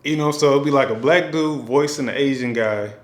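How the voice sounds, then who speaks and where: A man's voice: mid-range voice, fairly quick. A man, a film director, thinking aloud in a casual, rambling monologue full of fillers and restarts. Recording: echoey room.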